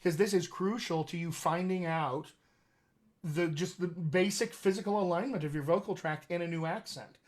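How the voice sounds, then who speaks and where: A man's voice: high-pitched, moderate pace. A man hosting a live accent Q&A as a dialect coach, teaching with emphatic enthusiasm. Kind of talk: live Q&A session.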